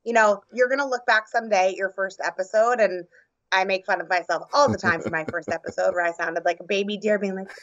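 A woman's voice: medium pitch, fairly even intonation, fast talker, a bit bright. Female co-host, chatty and self-mocking, dull recording. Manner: jokey, chatty. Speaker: podcast co-host. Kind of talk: casual chat.

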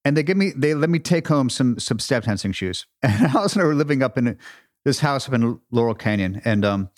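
A man's voice: mid-range voice, animated, fairly quick. A man co-hosting a podcast, telling stories with a laugh and poking fun at himself in a casual chat. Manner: laughing, storytelling, self-deprecating. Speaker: podcast co-host.

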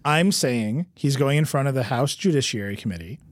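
A man hosting a tech podcast in casual chat, animated and joking as he spins mock-grand plans. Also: mid-range voice, a little fast. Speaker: podcast host.

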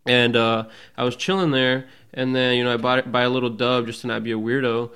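A man's voice: little pitch movement, fairly quick, fairly bright tone, clear, resonant tone. A young man telling a story in a casual chat, laid-back and full of slang. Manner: laid-back slangy storyteller, acts out his own panic in a high voice.

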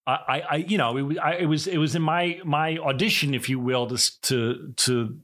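Animated man telling stories. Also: a little high, brisk. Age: middle-aged. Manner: animated, with frequent restarts and laughter. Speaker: actor and director, guest. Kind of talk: casual interview storytelling.

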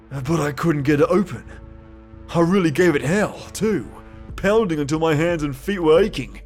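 A man narrating a first-person horror story in a tense, frightened way, with sudden shouted cries. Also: a little high.

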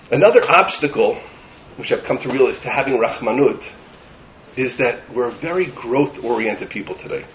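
Rabbi preaching, expressive lively delivery, faint ambient noise. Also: male voice, mid-range voice, fairly quick, dull audio. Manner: animated, rising to emphatic lists. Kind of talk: sermon.

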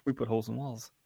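A man co-hosting a podcast, throwing in quick jokes and quips. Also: medium pitch, vocal fry, dark tone, breathy edge. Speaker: podcast co-host. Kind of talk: casual podcast chat.

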